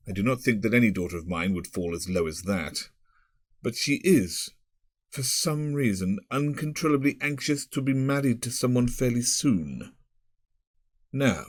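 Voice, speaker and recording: A man's voice: on the low side, dry recording, lightly acted. A man voicing a pompous, long-winded elderly headmaster who speaks formally and rambles. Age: older.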